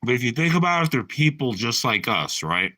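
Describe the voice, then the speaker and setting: A man's voice: mid-range voice, very animated, fairly quick, pushed and bright, dry recording. A man rambling through a casual live-stream monologue, swearing often and leaning on fillers like "you know" and "uh". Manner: profane, filler-heavy, meandering. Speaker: channel host.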